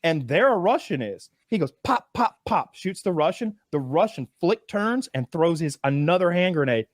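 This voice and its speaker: A man's voice: on the high side, expressive, normal speed, no echo, studio quality. A man on a casual podcast, telling a story with acted-out quotes and a lot of swearing. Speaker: podcast co-host.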